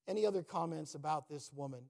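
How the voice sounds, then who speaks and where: A middle-aged man preaching a sermon, telling a personal story and swinging from loud, booming lines to hushed, near-whispered ones. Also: fast, gravelly. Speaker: pastor.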